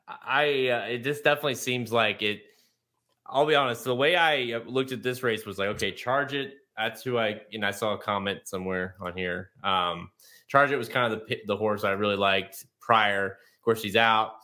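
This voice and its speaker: A man's voice: fairly low pitch, normal speed, bright, forceful tone. A man hosting a racing podcast, loose and rambling, laughing often. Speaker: podcast host. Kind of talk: casual podcast chat.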